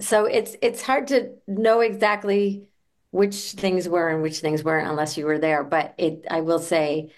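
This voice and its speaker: A woman who acts on a comedy series, speaking earnestly in an interview and repeating words as she thinks. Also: medium pitch. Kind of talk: casual interview chat.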